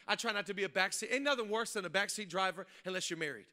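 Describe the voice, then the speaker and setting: A man, a pastor preaching a sermon, mixing funny stories with loud, rising exhortation. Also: high voice, very fast. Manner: humorous storytelling, building to loud preaching. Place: church stage before a congregation.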